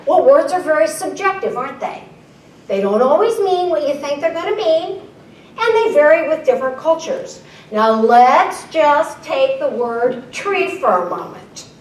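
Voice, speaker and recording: A woman's voice: high voice, very animated, unhurried, recorded from a distance. A woman keynote speaker presenting live to an audience, playful and often asking the room questions. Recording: echoey room, voice a little off-mic.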